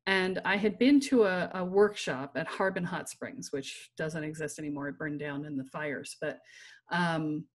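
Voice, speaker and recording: A woman guest on a podcast telling a personal story in an animated way, laughing and checking in with "right?". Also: low voice, moderate pace. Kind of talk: storytelling in conversation.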